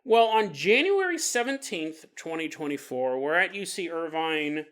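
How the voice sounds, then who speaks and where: With a slightly high voice at normal speed, a man in his forties hosts a podcast and relates a paranormal tale. He's jokey and animated, slipping into silly put-on voices for his audience.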